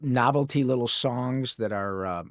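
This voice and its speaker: A man, a guest voice actor in a podcast interview, telling lively stories and slipping into character voices now and then. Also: medium pitch, unhurried, no room sound, clean studio sound. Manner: animated storyteller who slips into character voices. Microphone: studio microphone.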